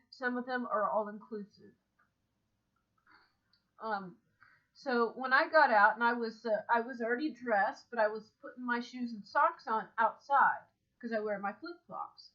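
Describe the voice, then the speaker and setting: A woman talks straight to the camera in a casual vlog, calm and matter-of-fact, stopping often to hunt for words. Her voice sits a bit high. The recording is dull and lo-fi. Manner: calm, matter-of-fact storytelling with frequent "um" pauses. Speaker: vlogger. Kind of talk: casual first-person vlog monologue. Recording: dull lo-fi sound.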